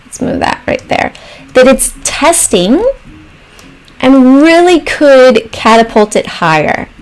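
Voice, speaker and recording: Higher-voiced woman hosting a trading livestream. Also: very animated, low-quality recording. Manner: talks through charts while answering chat messages; thinks aloud with pauses and trailing phrases. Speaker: stock trading livestream host. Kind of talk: casual livestream commentary.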